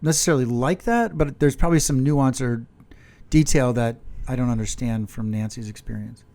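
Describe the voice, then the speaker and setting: A man's voice: medium pitch, a little fast, darkish tone. A man co-hosting a podcast with his partner, talking earnestly about their fights and acting out both sides. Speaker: podcast co-host. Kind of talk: candid couple's chat.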